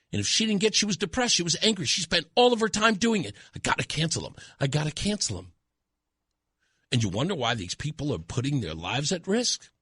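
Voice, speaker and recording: A man's voice: fairly high pitch, bright, forceful tone, slightly rough, dry recording, clean studio sound. A man hosting a talk radio show, delivering an indignant, emphatic opinion monologue.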